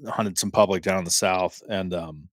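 A man from Central Ohio hosting a podcast, telling stories in an animated way and laughing often. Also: low voice, normal speed, dry recording. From Central Ohio, USA. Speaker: podcast host. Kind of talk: casual chat, storytelling.

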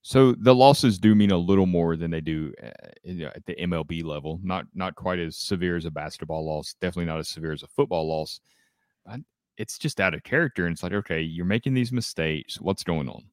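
A man co-hosting a casual sports podcast, measured, thinking his points through aloud. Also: sits low, a little mellow, no room sound, clean studio sound. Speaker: podcast co-host.

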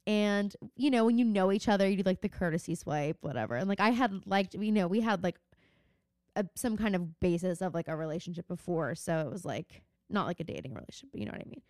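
A woman's voice: on the low side, expressive, quick pace, darkish tone, no room sound, studio quality. A young adult woman co-hosting a podcast in casual chat, rambling through a story with lots of "like" fillers and frequent laughs. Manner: chatty, heavy on "like" fillers, laughs often. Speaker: podcast co-host.

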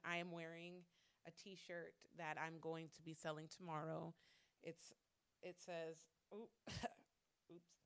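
Candid, swearing woman with low voice. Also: dry recording. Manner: candid, profane, talks herself through anger with repeated phrases; laughs between lines. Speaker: vlogger. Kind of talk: casual monologue to camera.

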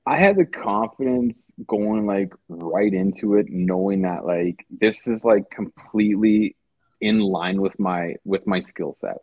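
A man's voice: lowish voice, unhurried, no room sound. A man from South Africa, a podcast guest, talking casually in loose slang with many restarts and fillers. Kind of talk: casual conversation. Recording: tinny phone-like call audio.

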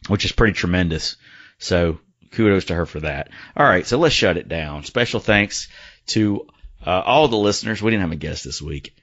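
Very low-voiced male podcast host, chatty and joking, muffled sound. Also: a bit bright. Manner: chatty, joking, upbeat plugs. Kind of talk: casual sports podcast chat. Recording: slightly dull lo-fi sound.

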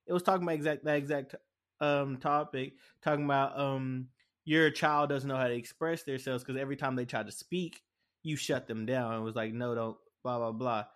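A man's voice: on the high side, a bit bright. A young man hosting a casual solo podcast, telling stories in a rambling way with many fillers and restarts. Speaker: podcast host.

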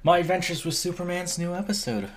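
A man's voice: high voice, level tone, fast talker, gravelly, slight background noise. A man co-hosting a podcast in casual chat, making dry, wry remarks. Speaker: podcast co-host.

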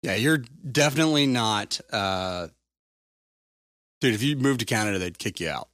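A man co-hosting a podcast, agreeable and quick to laugh in easygoing banter. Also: on the low side, animated, fairly bright tone. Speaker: podcast co-host. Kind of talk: casual chat.

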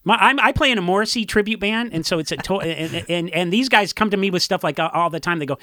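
Talking quickly with few pauses, this punk musician rambles through stories about a song, restarting often and leaning on fillers. His voice is high and sharp, captured at studio quality without room sound.

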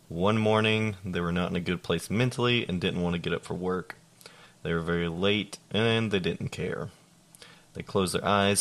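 A young adult man co-hosts a podcast, reading listener stories aloud in a casual, deadpan style, swearing freely and laughing now and then. His voice sits low.

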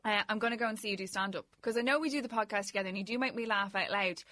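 A woman's voice: mid-range voice, racing, sharp tone. A woman in her late thirties co-hosting a podcast, chatting and telling stories with laughs. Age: late 30s. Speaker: podcast co-host. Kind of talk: casual comic chat.

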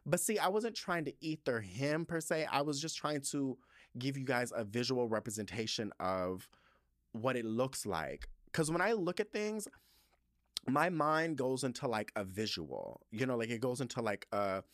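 Here a young man reads listener reviews on his solo podcast at a moderate pace, his mid-range voice recorded at studio quality without any room sound. The chat stays casual and sassy, full of expressive swearing and playful asides.

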